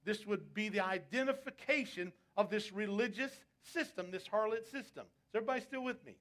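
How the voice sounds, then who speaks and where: A man's voice: high voice, animated, brisk, a bit bright. A male preacher delivering a sermon, emphatic and asking his congregation rhetorical questions. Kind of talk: sermon on prophecy.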